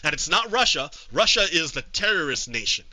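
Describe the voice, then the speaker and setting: A male streamer giving casual political commentary to his live chat, halting with frequent repeats and restarts. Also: a little high, very animated, bright, forceful tone, no echo, poor audio.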